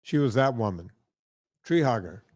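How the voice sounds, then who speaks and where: Recorded in studio quality with no room sound, this man has a medium-pitched, slightly mellow voice that is expressive and moderately paced. He hosts a podcast, telling meandering stories in casual talk and often checking in with "right?".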